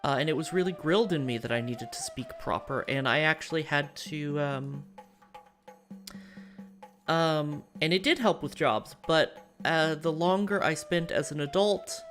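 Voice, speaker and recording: While playing a strategy game, a US-born woman with a General American accent chats casually, musing aloud and wandering off on tangents. Her voice sits low and moves a little slowly, with faint music in the background.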